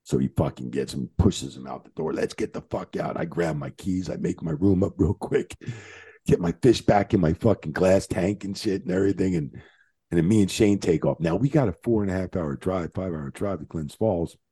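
A man's voice: fairly quick, mellow. A middle-aged man telling a road story on a podcast in a rambling style, with plenty of swearing. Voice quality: very deep gravelly voice. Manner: profane, rambling, lots of swearing. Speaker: guest, retired referee. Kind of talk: casual storytelling.

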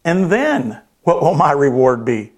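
A man playing a contented fisherman who asks quiet, gentle questions. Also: fairly high pitch, big pitch swings, unhurried, pitched below the performer's own voice. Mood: calm. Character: calm, contented fisherman, smiling and unhurried.

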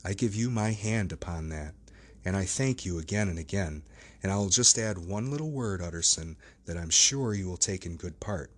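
A troubled Victorian doctor, evasive and earnestly pleading, in a low, husky voice, as a man reads him in a storybook audiobook. The delivery stays close to the reader's own speech. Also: lively intonation, moderate pace.

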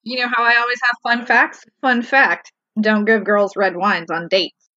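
A woman's voice: on the high side, level tone, normal speed, bright, forceful tone, no echo. A woman co-hosting a casual podcast, teasing her co-host with dry wisecracks. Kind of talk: casual chat. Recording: dull lo-fi sound.

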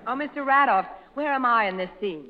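A woman's voice: a little high, expressive, fairly quick. A woman appearing as an actress guest in a 1930s radio comedy, with a sweet, coy delivery. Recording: muffled old radio broadcast with long reverb.

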